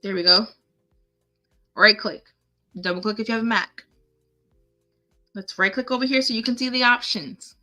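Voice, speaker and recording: A woman's voice: fairly high pitch, a little fast, pauses often, pushed and bright, soft background music. A woman hosting a casual live craft tutorial, chatting to herself and her viewers as she works through the steps on screen. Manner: chatty, talks to herself and viewers while clicking. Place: home setup, live stream.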